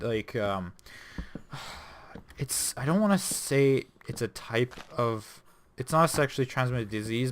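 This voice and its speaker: Young male gaming host, casual profane storyteller, smooth tone, mid pitch. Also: a bit bright. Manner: rambling, profane, self-correcting. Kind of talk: casual storytelling over gameplay.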